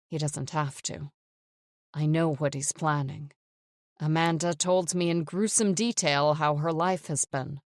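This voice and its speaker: A woman narrating a first-person thriller audiobook in a tense, measured way, close to the mic. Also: low-pitched, no echo.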